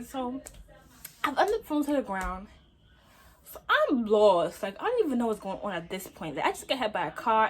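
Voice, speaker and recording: A young woman from Brooklyn, telling a casual storytime on her phone at home, slangy and animated, talking straight to her viewers. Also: mid-range voice. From Brooklyn, New York. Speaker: vlogger.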